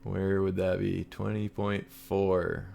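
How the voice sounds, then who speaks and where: Host, male, low voice, easygoing chart chat with lots of ums and laughs. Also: slow, gravelly. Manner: relaxed, laughs often, many fillers. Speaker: livestream host. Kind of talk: casual trading chat.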